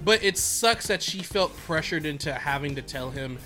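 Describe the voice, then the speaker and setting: A man co-hosting a podcast in casual chat, talking in an animated, emphatic way and swearing freely. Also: on the high side, moderate pace, music in the background. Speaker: podcast co-host.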